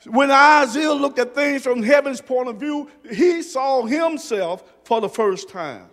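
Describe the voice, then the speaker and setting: Brief: male pastor, sermon delivery, very high voice and slow pace, soft-to-shouting dynamics. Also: in a large hall. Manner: swings from soft low murmurs to shouted emphasis. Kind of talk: preaching a sermon. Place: church sanctuary.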